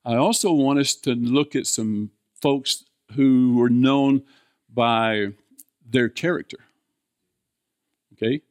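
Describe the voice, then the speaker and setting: An older man tells stories from the pulpit in an easy, folksy way, asking his listeners questions and chuckling as he goes. The recording is dry and close, and his pitch sits in a middling range. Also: slow pace, long pauses, no room sound. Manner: chatty, asks the congregation questions, chuckles often. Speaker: preacher. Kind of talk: folksy sermon storytelling.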